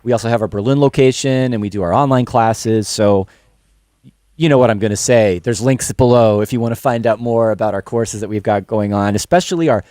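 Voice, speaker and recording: A man's voice: lowish voice, a little fast, darkish tone, no echo. A man hosting a casual livestream from a music school studio, upbeat and chatty, greeting viewers by name. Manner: upbeat, greets chat names one by one. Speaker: livestream host. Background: electronic music playing.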